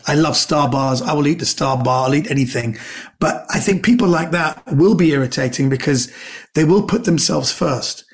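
A man from Britain, a comedian guest telling lively anecdotes in casual chat, acting out quotes and stumbling over restarts. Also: on the high side, vocal fry. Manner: animated anecdotes with acted-out quotes and stammered restarts.

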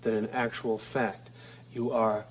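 A man's voice: on the low side, level tone, measured pace, heavy background noise, natural voice. A man playing a Canadian rock singer in a comedy sketch, easygoing and slipping in "like" and "eh". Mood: amused. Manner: easygoing, slips in "like" and "eh". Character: Canadian rock singer hiding his hoser side. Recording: archive TV clip with loud audience.

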